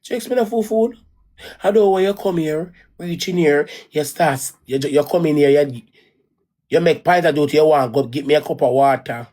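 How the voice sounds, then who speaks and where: A woman's voice: sits low, moderate pace, mellow. A woman with a Jamaican accent telling a personal story in a casual, rambling rant, repeating herself and swearing bluntly. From Caribbean. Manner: rambling and repetitive, restarts and repeats phrases. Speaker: vlogger.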